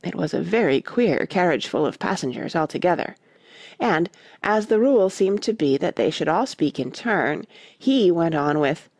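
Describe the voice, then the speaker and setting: A woman reading a classic storybook aloud as an audiobook narrator, expressive and animated. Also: lowish voice, normal speed, gravelly, breathy edge, no echo, studio quality.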